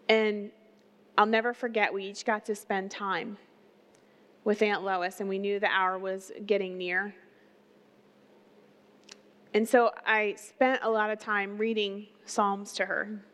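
A woman's voice: on the high side, fairly bright tone. A woman pastor giving a sermon in an earnest, conversational way, with personal stories and questions to the listeners.

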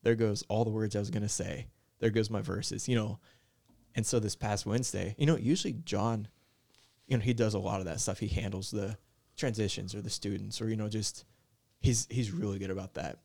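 A young man, a worship leader, talking in a soft, mellow, easygoing way in a casual podcast chat, with lots of "like" and "you know". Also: fairly low pitch, fairly even intonation, fairly quick, vocal fry. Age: young adult. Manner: soft-spoken, mellow, filler-heavy.

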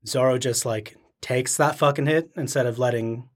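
A man's voice: mid-range voice, fairly even intonation, normal speed. A man co-hosting a podcast, chatting in an offhand way with casual swearing. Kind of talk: casual chat.

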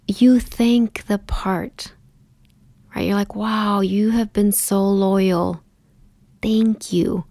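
A woman teaching a calm, gentle lesson, often dropping to a soft whisper as she explains. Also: medium pitch, no echo, studio quality. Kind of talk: instructional talk on inner parts work.

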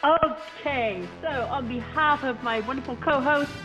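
A woman's voice: high-pitched, measured pace, a bit bright. A woman from the UK co-hosting a casual talk show, giggly and agreeable. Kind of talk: casual chat. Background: music.

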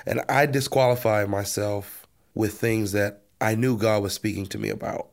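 A man's voice: fairly low pitch, steady tone, moderate pace, gravelly. A man, a pastor, earnestly telling his personal testimony in an interview. He often repeats words as he restarts a thought.

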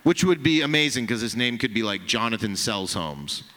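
A man's voice: mid-range voice, lively intonation, normal speed, big-room sound, background noise. A man doing a stand-up set, brash and profane, teasing people in the crowd. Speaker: stand-up comedian. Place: comedy club stage.

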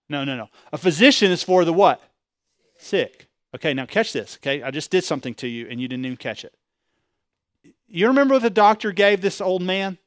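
A pastor preaching a sermon with animated delivery, asking the congregation rhetorical questions and pushing his voice up loud. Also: a little high, fairly quick, dry recording, clean studio sound.

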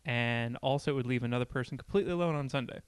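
A man's voice: medium pitch, racing, clear, resonant tone, no room sound. A young man casually telling a long personal story on a podcast, rambling and full of "like". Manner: rambling, heavy on filler "like".

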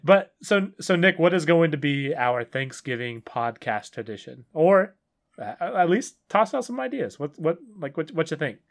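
A man's voice: a little high, big pitch swings, normal speed, gravelly. A man in his early thirties co-hosting a casual podcast, rambling and correcting himself, with frequent laughs. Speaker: podcast co-host.

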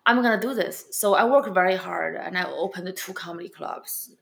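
A woman stand-up comedian and club owner with a non-native accent, answering interview questions bluntly and with animated storytelling. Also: lowish voice, normal speed, creaky. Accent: non-native English accent.

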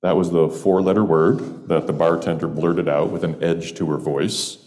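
A man's voice: sits low, fairly even intonation, normal speed, a little mellow, in a large hall. A man from upstate New York telling a humorous personal story in a wry, meandering way with playful digressions. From Jamestown, New York, US.

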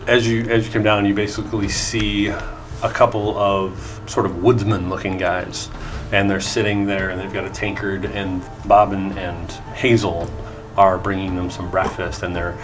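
Low-voiced male game master. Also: normal speed, music in the background. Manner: relaxed, hesitant narration with restarts. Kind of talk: narrating a tabletop game.

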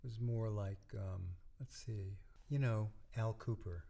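An older man, a musician and dentist, chatting as an interview guest and telling stories in a relaxed way that often trails off softly. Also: lowish voice, a little slow, gravelly. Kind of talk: casual interview talk.

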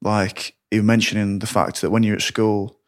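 A man hosting a casual podcast, relaxed, reflecting and backing his guest with "yeah" and "mm". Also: lowish voice, normal speed. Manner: relaxed, lots of "yeah" and "mm" backchannel. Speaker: podcast host.

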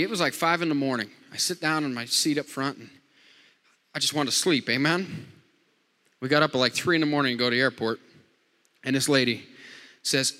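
A man's voice: a little high, pushed and bright. A man preaching a sermon, joking with the congregation and repeating lines with frequent amens. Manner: jokey, call-and-response preaching with repeated amens. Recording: long hall reverb.

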